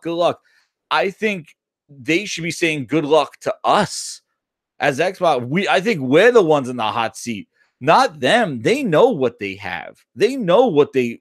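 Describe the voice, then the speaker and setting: A man's voice: mid-range voice, dry recording. A man hosting a casual gaming talk show, his voice swinging up and down as he rants. He swears freely and restarts his sentences. The recording is dry and close. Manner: animated, swearing, rambling with restarts. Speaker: gaming channel host. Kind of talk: casual opinion rant.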